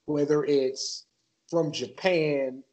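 A man's voice: a little high, steady tone, slow, a little mellow, highs cut off. Laid-back chatty man from Maryland. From Maryland, USA. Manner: laid-back, loose and chatty, heavy on fillers. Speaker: podcast guest. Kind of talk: casual podcast chat.

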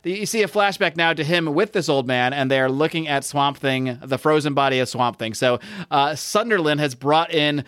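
A man's voice: fairly high pitch, normal speed, a bit bright, smooth, no echo, clean studio sound. An American man co-hosting a podcast, chatting casually and rambling, correcting himself and laughing often. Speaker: podcast co-host. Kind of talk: casual comic book podcast chat.

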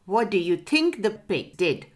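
A woman narrating a children's story slowly and expressively, pausing to ask the children questions. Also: mid-range voice, big pitch swings.

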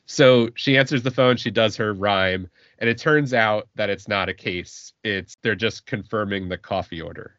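A man's voice: lowish voice, normal speed, hardly any pauses, fairly bright tone, no room sound. A man co-hosting a casual podcast, laughing often and repeating words as he thinks aloud. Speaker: podcast co-host. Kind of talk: casual chat. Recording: dry, dull lo-fi sound.

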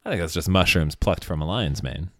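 A man's voice: low voice, expressive, a little fast, no room sound. A man co-hosting a podcast in casual chat, explaining things with dry teasing humor. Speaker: podcast co-host.

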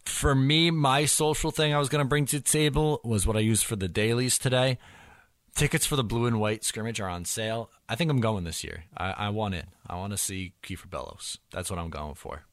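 A man's voice: fairly low pitch, fairly quick, dry recording, clean studio sound. A man hosting a casual sports podcast, laid-back and teasing, leading the segments. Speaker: podcast host.

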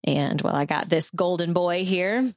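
Low-voiced reflective woman podcaster. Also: unhurried, dry recording, clean studio sound. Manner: earnest, reflective, with many fillers. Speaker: podcast co-host. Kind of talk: casual podcast conversation.

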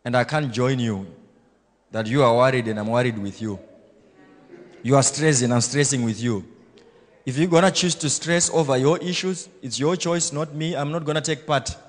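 A man pastor preaching a blunt, self-assured sermon, swinging between loud exhortation and quiet asides. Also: mid-range voice, normal speed, long reverb tail. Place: church hall.

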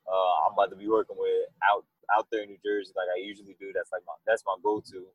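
A man being interviewed about his music, talking in a loose, rambling way and telling animated stories. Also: low-pitched, fast talker, breathy edge, no echo, dull audio. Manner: rambling, animated storytelling with laughs. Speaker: musician guest. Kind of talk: casual interview chat.

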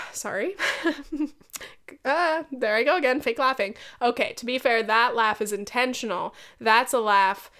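A woman's voice: on the high side, normal speed, hardly any pauses, fairly bright tone. A young woman hosting a solo podcast, chatting casually with lots of fillers, swearing and laughing often. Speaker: podcast host.

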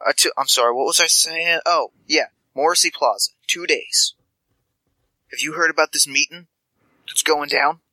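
A man's voice: a little high, normal speed, pushed and bright, no room sound, low-quality recording. A man voicing a friendly, scatterbrained male street informant who stammers and rambles. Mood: rambling.

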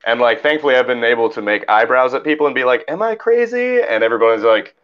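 A man telling a story in casual chat as a podcast host, animated and acting out the people in it. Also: medium pitch, very fast, clean tone, highs cut off. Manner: animated, mimics others in quoted lines.

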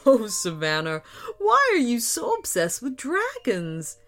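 A woman voicing a kind, gentle father speaking fondly to his young daughter. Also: a little high, huge pitch swings, unhurried, soft background music, full character voice.

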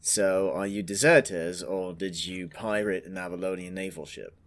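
A man's voice: low-pitched, moderate pace. A man playing a tabletop game, talking in a dry, sarcastic, pointed way.

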